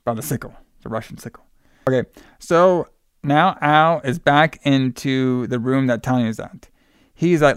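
A man's voice: mid-range voice, a little slow, smooth, no room sound, studio quality. A man casually recapping a film plot for a podcast, rambling with fillers and playful asides. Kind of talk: casual movie recap chat.

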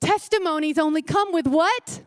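Speaking at normal speed, a woman pastor delivers a church-service sermon in a high, bright-pitched voice. She repeats phrases and poses rhetorical questions to press her points to the congregation. The recording is close and dry, with minimal room echo.

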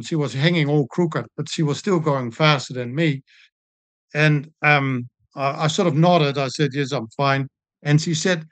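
An older man, a sports doctor telling stories in a relaxed interview, with frequent pauses and ums. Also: fairly high pitch, no echo. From New Zealand. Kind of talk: casual storytelling interview.

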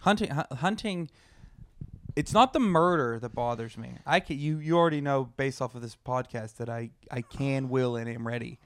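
A man's voice: medium pitch, normal speed. A man from Pennsylvania co-hosting a podcast, blunt and cracking crude jokes in casual chat. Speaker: podcast co-host.

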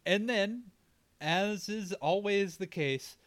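A man co-hosting a casual podcast, recapping a film's plot with jokes and quick comic impressions of the characters. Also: high voice, fairly bright tone, no room sound. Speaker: podcast co-host. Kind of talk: casual movie recap banter.

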